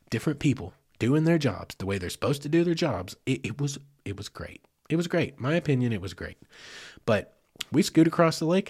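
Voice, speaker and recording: A man tells a story on his podcast. His husky voice swoops up and down in a lively way. He talks in a folksy style and acts out people hollering back and forth. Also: mid-range voice. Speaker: podcast host, search and rescue team member.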